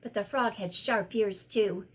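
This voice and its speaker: A middle-aged woman, a teacher, reading a children's picture book aloud in an expressive sing-song way. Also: mid-range voice, measured pace, slightly rough.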